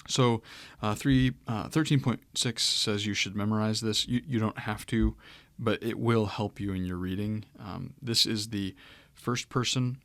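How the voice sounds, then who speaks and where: A man teaching Greek grammar in a relaxed, explanatory way as he walks through a screen-share lecture, with frequent fillers. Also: on the low side, unhurried, hardly any pauses, no room sound.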